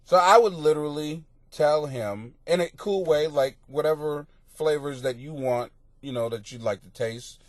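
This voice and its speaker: A man hosting a comedy podcast, reading out listener questions and answering them in a crude, profane, mocking rant that swings into yelling. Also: a little high, normal speed, few pauses, dry recording. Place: home basement.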